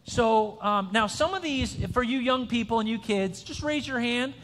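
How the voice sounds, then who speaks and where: A man's voice: very high-pitched, normal speed, a bit bright, slight background noise. A male pastor giving a conversational sermon in a church, chatty and joking as he quizzes the young people. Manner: chatty, joking, with frequent restarts. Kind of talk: conversational sermon with an interactive quiz. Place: church sanctuary. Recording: long church-hall reverb.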